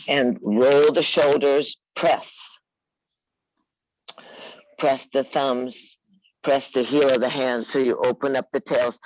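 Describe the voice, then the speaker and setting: Slow, coaxing woman yoga teacher. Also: a bass voice, darkish tone, dry recording, dull audio. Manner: unhurried, coaxing cues, teasing students by name. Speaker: yoga instructor. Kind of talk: guiding a live yoga class.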